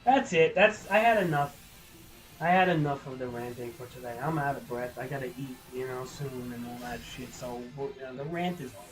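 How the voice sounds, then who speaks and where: A man's voice: mid-range voice, moderate pace, soft background music, poor audio. A man livestreaming and ranting to his chat, profane, heated and opinionated, rambling with restarts. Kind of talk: live-stream ranting to chat.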